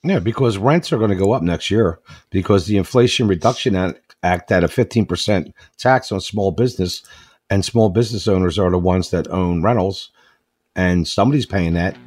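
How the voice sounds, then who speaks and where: Male radio host, husky voice, low pitch, dry close sound. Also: moderate pace, darkish tone, no echo. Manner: joking, storytelling. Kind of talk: casual radio talk.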